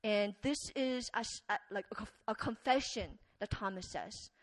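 A woman preacher with a slightly high voice narrates her sermon earnestly and conversationally at a moderate pace. Fillers pepper the story and her loudness rises and falls sharply, on poor audio.

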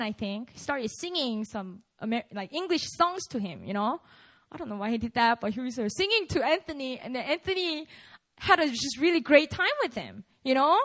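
A young woman preaches to a prayer meeting in a loose, conversational way, breaking into laughter as she goes. Her voice sits high and swings widely in pitch. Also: a bit bright, low-quality recording. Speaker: pastor.

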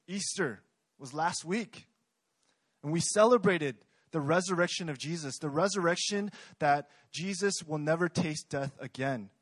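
A man's voice: fairly high pitch, no echo. A young man preaching a sermon in a conversational way, often asking the congregation questions. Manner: conversational, asks the audience questions.

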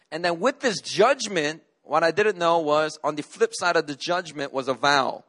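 A man's voice: fairly high pitch, normal speed, few pauses, sharp tone. A middle-aged man from Korea, a pastor preaching a sermon, telling a personal story in an earnest way with frequent restarts.

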